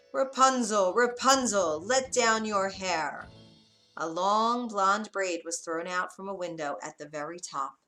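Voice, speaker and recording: A woman narrates a children's bedtime story in a gentle, unhurried manner. Her voice has a bright, clear tone. Soft music plays faintly underneath. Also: fairly low pitch.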